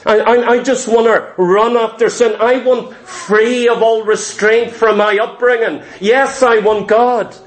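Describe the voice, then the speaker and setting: Fervent high-voiced preacher. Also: male voice, steady tone, a little slow, hardly any pauses. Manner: fervent, repetitive, confessional. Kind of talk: sermon testimony.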